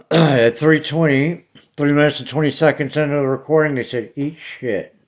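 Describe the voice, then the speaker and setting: A man's voice: a little high, fairly even intonation, moderate pace. A man, talking bluntly and plainly to camera about his paranormal recordings. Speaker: paranormal vlogger. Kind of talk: casual talk to camera.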